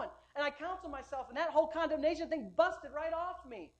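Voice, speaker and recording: A man preaching a sermon as pastor, emphatic, swinging between loud urging and quiet storytelling, often repeating words and restarting sentences. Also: extremely high pitch, a little fast, hardly any pauses.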